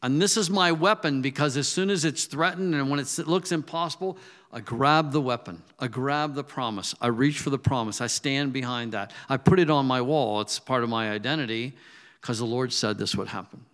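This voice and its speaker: A man's voice: mid-range voice, normal speed. Conversational Midwestern preacher man. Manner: conversational, animated storytelling with quoted asides. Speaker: pastor. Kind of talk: sermon.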